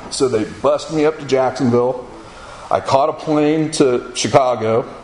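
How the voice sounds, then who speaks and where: A man's voice: medium pitch, a little slow. Middle-aged Florida man, folksy yarn-spinner, roomy echo with faint hiss behind. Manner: folksy, animated storytelling with acted-out quotes. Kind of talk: casual spoken memoir. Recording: echoey room with faint ambient noise.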